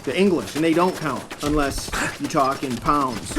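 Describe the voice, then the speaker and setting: A man's voice: fairly high pitch, moderate pace, vocal fry, hardly any pauses, background noise. A man from Michigan giving a profane, sarcastic rant while commenting on his gameplay. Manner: swearing, ranting, sarcastic. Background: game music.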